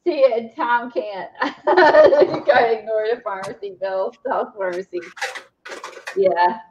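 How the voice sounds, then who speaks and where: A woman's voice: a little high, takes it slowly, lo-fi sound, a little hiss or hum. A woman hosting a craft video, chatting casually while she paints, rambling and restarting her thoughts, recorded on a camera mic from below. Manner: rambling, trails off, many restarts. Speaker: craft channel host.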